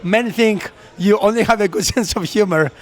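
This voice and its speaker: A man's voice: high voice, normal speed. A man co-hosting a podcast, telling a story in casual chat, acting out quotes and laughing often. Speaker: podcast co-host.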